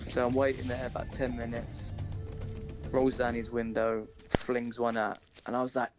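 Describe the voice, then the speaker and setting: A young man on a live stream, telling a story casually, swearing a lot and acting out his own shouting. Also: medium pitch, flat delivery, brisk.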